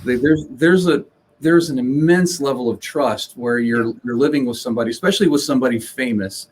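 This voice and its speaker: A man's voice: mid-range voice, a little fast, slight background noise. A man speaking as a guest on a casual podcast, blunt and rambling, restarting sentences and swearing. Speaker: guest, live sound engineer. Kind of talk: casual interview chat.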